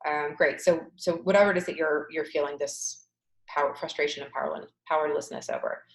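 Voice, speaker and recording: Low-voiced woman leading tapping affirmations. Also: steady tone, fairly quick, gravelly, echoey room, low-quality recording. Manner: leads repeated affirmations, sighing and emphatic. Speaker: tapping coach. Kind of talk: guided tapping session. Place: home, on a webinar. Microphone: video call webcam.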